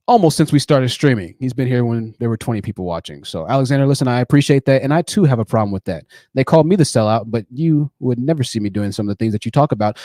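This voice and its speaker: A man's voice: medium pitch, a little mellow, no echo, studio quality. A man hosting a live-streamed call-in show, combative and sarcastic, often repeating phrases for emphasis. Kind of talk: live stream commentary with callers.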